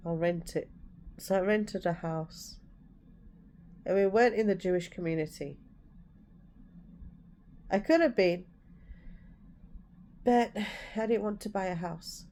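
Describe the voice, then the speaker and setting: In a candid personal storytelling vlog, a woman from Yorkshire, England, frankly relives past events and quotes her own words with heat. She speaks unhurriedly with long pauses, in a medium-pitched, dark-toned voice.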